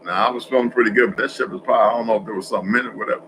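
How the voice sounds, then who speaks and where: A man vlogging in a casual, rambling monologue, correcting himself often and swinging between loud stretches and hushed asides. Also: lowish voice, steady tone, very fast, background noise.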